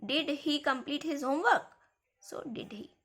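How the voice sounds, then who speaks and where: A woman teaching a grammar lesson to schoolchildren, speaking slowly and repeating key words. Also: sits high, fairly bright tone. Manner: slow, repeats key words, addresses kids.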